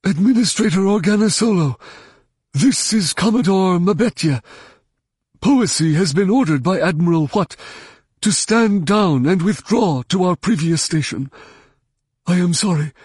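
A wheezing alien fleet commodore, put on by a male narrator, speaks in stiff, formal military phrasing. The voice is pitched high and breathy with a steady regret behind it. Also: a little slow, no room sound, clean studio sound, heavily acted. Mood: regretful.

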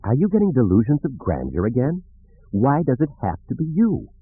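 A man voicing an anxious, sharp-tongued woman in an audiobook, with urgent, questioning speech. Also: mid-range voice, wildly swooping pitch, normal speed, breathy edge, voice pushed up, exaggerated voice. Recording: narrow phone-like audiobook recording.

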